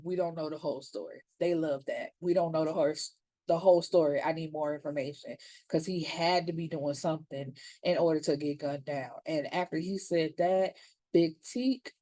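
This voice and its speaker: Performing the characters' lines as she goes, a woman who reviews TV series gives a laid-back, slangy episode recap. Her fairly low voice is warm and mellow, and the close, dry recording has no room sound.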